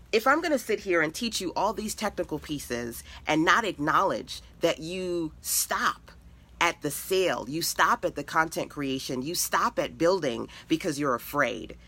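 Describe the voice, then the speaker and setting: Casting: middle-aged woman mentor, punchy, preachy, bright forceful tone. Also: fairly low pitch, normal speed. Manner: energetic, preachy, repetitive emphatic lists. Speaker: web designer and mentor to women entrepreneurs. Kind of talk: motivational live-stream talk.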